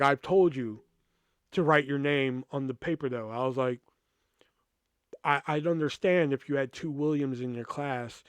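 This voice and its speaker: Young male podcast host, casual profane storyteller, lively pitch, dry sound. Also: no room sound. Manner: profane, animated, acts out quoted exchanges.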